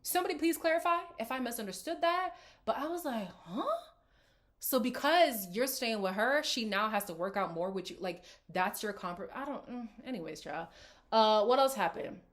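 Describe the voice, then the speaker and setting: A woman hosts a reality TV reaction, talking casually into a close mic at a mid-range pitch. She sounds animated and sarcastic, and often exasperated as she picks apart what she watched. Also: moderate pace.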